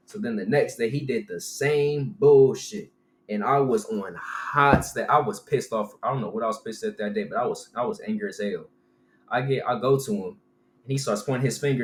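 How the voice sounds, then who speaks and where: A young man casually telling a storytime, animated and profane, tossing in "right?" and "bro" constantly. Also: medium pitch, a little fast. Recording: roomy room with faint background hum.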